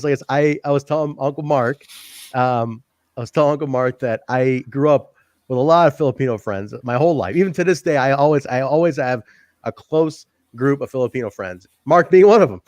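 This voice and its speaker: A man co-hosting a casual wrestling review podcast, animated and joking, often laughing and swearing. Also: mid-range voice, no room sound. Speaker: podcast co-host.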